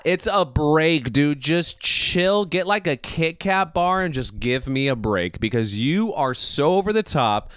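An excitable male podcast host with a fairly high voice that swings up and down all over the place as he rants. He laughs, swears and slips into mock voices. The sound is smooth and resonant, close and dry with no room echo. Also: unhurried, few pauses. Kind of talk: casual anime podcast rant.

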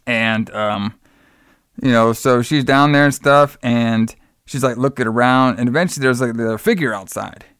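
In a smooth, medium-pitched voice at normal speed, a podcast co-host walks through a film one scene at a time, and the studio recording has no echo. The chat is casual and packed with filler, with plenty of swearing and lines acted out in raised voices.

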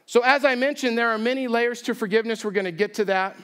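A man preaching a sermon, telling a story with self-deprecating humor and an animated, chatty delivery. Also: very high voice, fast, smooth. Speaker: pastor. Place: church sanctuary.

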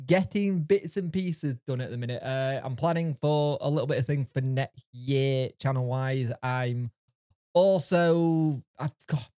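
A man's voice: medium pitch, measured pace. A young man co-hosting a casual podcast, telling stories and acting out the people in them. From England. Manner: lively storyteller, acts out quotes. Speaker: podcast co-host. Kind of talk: casual chat.

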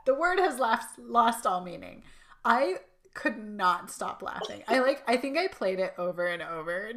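Lively woman co-host chatting. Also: mid-range voice, unhurried. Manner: lively, laughs, quotes lines in playful voices. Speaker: podcast co-host. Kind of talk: casual chat.

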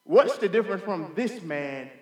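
A man preaching a sermon as pastor, impassioned and repetitive, swinging between loud declarations and hushed asides. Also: sits high, animated, normal speed. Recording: echoey hall with long reverb.

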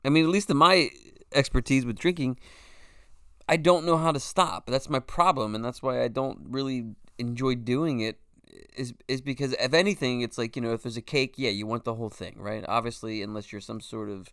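Casual podcast host, male, 40s, smooth and dry-sounding, rambling and profane. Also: medium pitch, fairly bright tone, no echo. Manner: rambling, swears freely, says "you know" constantly. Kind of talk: casual solo monologue.

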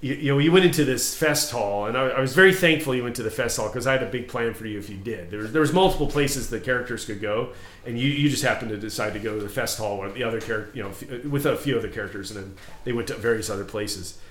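Animated male podcast host telling stories. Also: medium pitch, fast. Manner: animated storytelling, acts out scenes. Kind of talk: casual chat. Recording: roomy echo.

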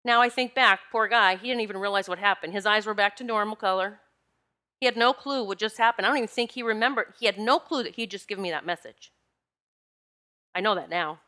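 A woman with a bright, forceful voice tells a personal story in a relaxed monologue. She sounds animated and confiding and speaks straight to her listeners. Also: medium pitch, fast. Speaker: spiritual energy practitioner.

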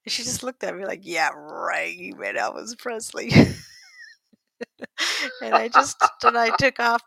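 A woman's voice: medium pitch, sharp tone, dry recording, rough recording. An older woman from the United States telling a personal story in a casual, rambling way, correcting herself and laughing often. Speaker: interviewee.

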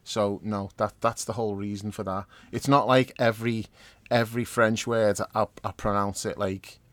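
A man's voice: lowish voice, steady tone, moderate pace, fairly bright tone, dry recording. A man on a football podcast panel, bantering in a jokey, argumentative way with plenty of swearing. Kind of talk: casual banter.

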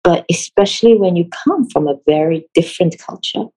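A woman from Israel with an Israeli accent, a theatre designer telling anecdotes in an interview, animated and laughing often. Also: on the low side, brisk, soft background music, low-quality recording. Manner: animated storyteller, laughs often, acts out quotes.

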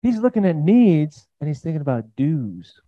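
A man preaching a sermon as pastor, animated and jokey, with sudden loud peaks. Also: a little high, normal speed, dry recording, lo-fi sound.

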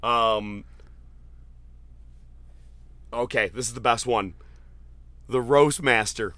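Bright-voiced, laughing male storyteller. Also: medium pitch, slow pace, pauses often, dry recording. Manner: excited, profane, laughing storyteller. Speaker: podcast host. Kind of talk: casual chat recapping an event.

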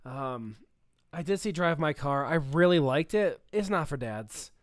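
A man co-hosting a casual podcast chat, his slightly high voice smooth and resonant. He talks with lively swings in pitch and laughs easily. The sound is dry and close. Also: measured pace, no echo. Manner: animated, laughs often, acts out quoted voices. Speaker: podcast co-host.

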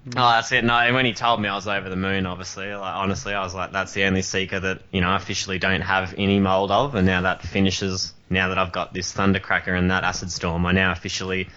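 Low, bright-voiced man rambling. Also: flat delivery, fast, hardly any pauses, muffled recording. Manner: rambling, many fillers and restarts. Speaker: collector in group chat. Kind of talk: casual chat.

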